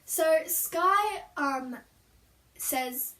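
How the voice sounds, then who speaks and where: A woman's voice: sits high, animated, normal speed, bright, forceful tone. A woman animatedly telling the story of a dream in a casual story-time video, acting out voices with gasps and screams. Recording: echoey room from a distant mic.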